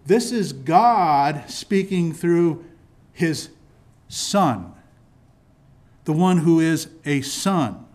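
In a church sanctuary, a pastor with a high-sitting, slightly mellow male voice preaches a sermon. He explains scripture in a teaching manner, often restarting and repeating words.

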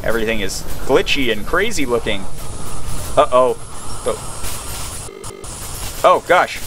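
Excitable young man playing a game. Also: medium pitch, unhurried, pauses often, a little hiss or hum. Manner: excitable, exclaiming. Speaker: gaming video host. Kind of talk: let's play commentary.

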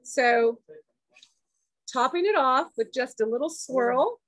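A high-pitched woman chats on a video call about a dessert she made. Her speech is relaxed and talkative, with many "um"s, and the sound is dry and close. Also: slow, dry recording. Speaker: guest sharing a dessert. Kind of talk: casual chat demo.

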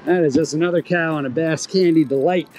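A man's voice: a little high, steady tone, brisk, darkish tone, slight background noise, low-quality recording. A man hosting a fishing video from a boat on open water, exclaiming with enthusiasm and explaining how to approach and catch fish. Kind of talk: excited on-the-water fishing commentary.

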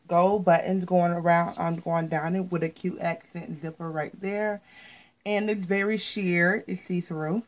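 A woman's voice: mid-range voice, rough recording. An American woman chatting casually to viewers as she shows off her latest clothing haul, repeating words and often saying "you guys.". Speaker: fashion vlogger.

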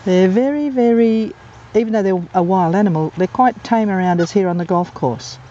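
Filming outdoors on a golf course, an English woman who shoots amateur nature videos chats casually, rambling through anecdotes full of ums and uhs. Her voice is on the low side, mellow and fairly quick. The handheld camera mic gives a slightly dull, muffled outdoor recording with a little background noise.

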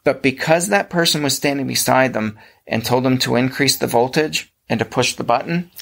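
Gravelly-voiced man explaining on a podcast. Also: medium pitch, moderate pace, fairly bright tone. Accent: Pennsylvania. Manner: explanatory, with frequent restarts. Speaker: podcast host. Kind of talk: casual podcast discussion.

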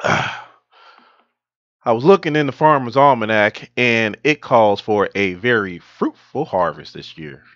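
A man's voice: lowish voice, animated, slow, a bit bright, no room sound, lo-fi sound. A man putting on a Southern US accent to play a homespun farmer who talks in a drawl. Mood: folksy. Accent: Southern US, put on.

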